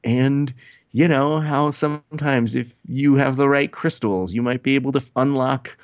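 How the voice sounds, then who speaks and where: A man's voice: mid-range voice, unhurried, no room sound, highs cut off. Swearing storyteller man, dry sound. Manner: animated storytelling, quoting others in put-on voices, swears freely. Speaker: podcast co-host. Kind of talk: casual chat.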